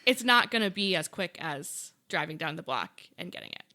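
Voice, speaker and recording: A woman's voice: low-pitched, sing-song, moderate pace, sharp tone. A woman advocate guesting on a podcast, explaining rules in a matter-of-fact way with dry wit. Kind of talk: casual explanatory interview.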